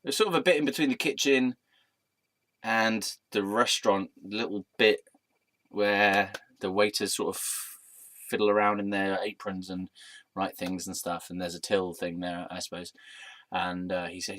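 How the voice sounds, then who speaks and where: A man's voice: on the low side, normal speed, a bit bright. A man telling a casual storytime monologue in a rambling, playful, self-amused way. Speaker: vlogger.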